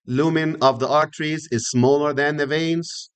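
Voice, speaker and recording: A man's voice: on the high side, moderate pace, hardly any pauses, smooth. A middle-aged male lecturer. He teaches anatomy in a classroom style, repeating key words and checking in with students through frequent questions.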